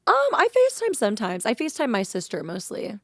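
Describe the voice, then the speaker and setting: A young woman in casual podcast chat, rattling along at a brisk clip. Her speech is loose and full of "like." The sound is close and dry, with no room around it. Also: medium pitch, wildly swooping pitch, fairly bright tone, no room sound. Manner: chatty, heavy use of "like". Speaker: podcast guest.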